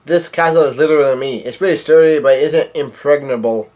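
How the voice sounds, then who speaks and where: A man reading the lines of a gruff, scheming male gangster captain in his own plain voice, blunt and complaining. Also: fairly high pitch, quick pace, a little mellow, natural voice. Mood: exasperated.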